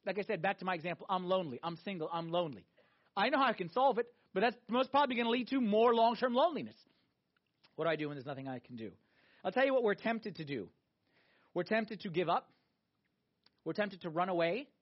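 High-voiced male preacher, emphatic. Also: very animated, fast, lo-fi sound. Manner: emphatic and conversational, repeating key questions. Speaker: pastor. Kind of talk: sermon.

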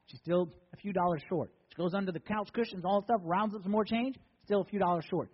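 Husky male pastor, storytelling sermon, dull reverberant church sound. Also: sits high, a little fast, hardly any pauses. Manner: storytelling, swinging between loud and soft.

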